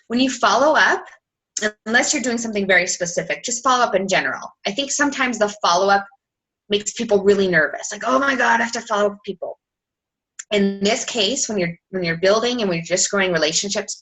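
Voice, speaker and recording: Fast-talking bright-voiced woman coach. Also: medium pitch, poor audio. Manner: fast, chatty, lots of "like", acts out quoted messages. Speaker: sales team coach on a team call. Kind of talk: casual coaching talk.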